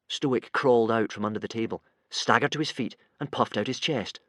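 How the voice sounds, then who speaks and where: A man reading a children's audiobook aloud with lively, expressive narration. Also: mid-range voice, brisk, hardly any pauses, no echo, studio quality. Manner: lively, voices many characters.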